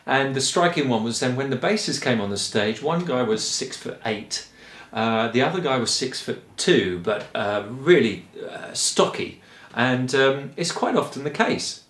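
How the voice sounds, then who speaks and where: A man's voice: mid-range voice, lively intonation, a little slow, a bit bright. Rambly kent guy teaching voice, lots of ums, echoey room. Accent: Kent English. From England. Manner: chatty and rambling, with frequent ums and light laughs. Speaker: choir director and singing teacher. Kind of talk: relaxed spoken lesson.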